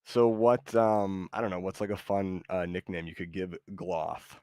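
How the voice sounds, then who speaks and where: An American man with a fairly low voice, hosting a casual live stream. He rambles, restarts his sentences and reads chat messages aloud. The sound is dry and close to the mic. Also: level tone, a little slow, dark tone, no echo. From United States. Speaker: streamer host.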